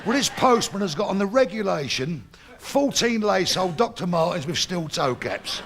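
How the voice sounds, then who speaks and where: A man's voice: sits high, sing-song, normal speed, a bit bright. A middle-aged man telling crude, swear-filled jokes on stage and voicing each character himself. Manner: crude, swearing, playing every character in the joke. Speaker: comedian. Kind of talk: stand-up joke telling. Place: live comedy stage before an audience.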